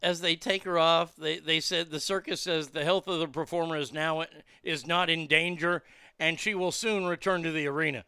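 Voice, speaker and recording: A man with a high, bright voice delivers rowdy, swear-heavy commentary and blurts out loud, excited reactions as he watches clips. His voice is smooth and resonant. It is recorded dry, with no room sound. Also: moderate pace, dry recording. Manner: profane, blunt and rowdy. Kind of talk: unscripted commentary.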